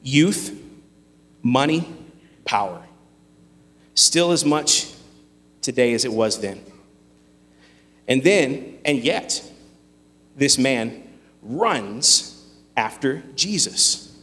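A man preaching a sermon, earnest and emphatic, with dramatic pauses. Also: medium pitch, lively intonation, a bit bright, long reverb tail. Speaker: pastor.

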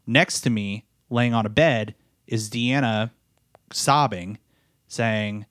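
A tired man, a podcast co-host and new father, tells a personal story in a halting way, often repeating words and starting over. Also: lowish voice, a bit bright, no echo, clean studio sound.

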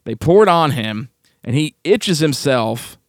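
Guy on a podcast, kinda high voice, riled up and laughing, dry close sound. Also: measured pace, no room sound. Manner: animated, exasperated, laughs often. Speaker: podcast co-host. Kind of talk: casual chat reviewing a film.

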